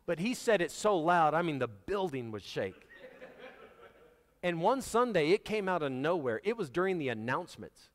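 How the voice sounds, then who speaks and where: A man preaching in a church, his voice sitting a little high for a man and trailing a long reverb through the hall. He talks in a loose, conversational way and jokes with the people in the pews. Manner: conversational, joking with the congregation. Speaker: pastor. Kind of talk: sermon. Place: church sanctuary.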